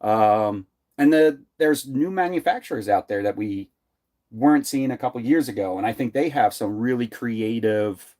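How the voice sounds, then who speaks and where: A man's voice: medium pitch, darkish tone. A man with a Philadelphia accent co-hosting a casual RV chat, rambling and laughing often. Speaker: RV vlogger co-host.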